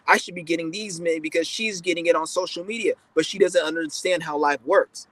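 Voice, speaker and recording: A man's voice: fairly high pitch, fairly even intonation, brisk, a bit bright, no echo, poor audio. A man giving a blunt, profane, rambling casual monologue as a podcast host.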